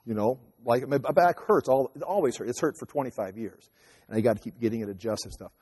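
Husky man in his fifties, halting. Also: medium pitch, darkish tone. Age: 50s. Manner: rambling, halting restarts, acts out voices in quotes. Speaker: teacher and speaker. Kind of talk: casual personal story. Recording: long hall reverb.

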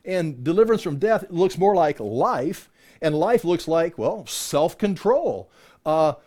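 Male pastor, conversational Bible-teaching sermon, voice sits a little high, restarts often and builds to emphatic peaks. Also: expressive, takes it slowly, a little mellow. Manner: repeats and restarts words, rising to emphatic peaks.

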